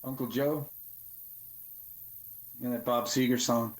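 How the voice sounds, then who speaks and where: A man chatting casually on a podcast, halting and repeating words, often ending with "man". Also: medium pitch, fairly even intonation, poor audio. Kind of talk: casual chat.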